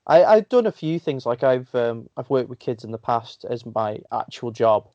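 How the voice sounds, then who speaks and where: Northern English man, guest wrestler in a chatty interview, warm mellow voice, dry dull lo-fi sound. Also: mid-range voice, sing-song, normal speed, dry recording. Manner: chatty storyteller, laughs often. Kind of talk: casual interview chat.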